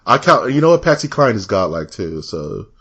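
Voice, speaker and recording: Laid-back lower-voiced man, casual podcast chat. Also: moderate pace, breathy edge, muffled recording. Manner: animated, laughs often, slips into mock voices for anecdotes. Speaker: podcast co-host.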